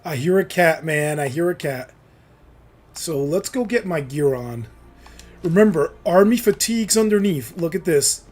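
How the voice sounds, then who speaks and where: A man's voice: on the high side, lively intonation, moderate pace, darkish tone, faint music behind. A man streaming a game live, giving casual, chatty commentary and often saying "man".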